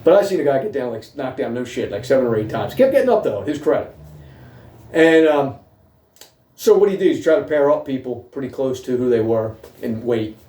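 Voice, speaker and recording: A man's voice: medium pitch, animated, normal speed, dark tone, far from the mic. A middle-aged man telling his own story in a blunt, casual way, swearing heavily and checking in with "okay?". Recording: roomy echo, voice away from mic.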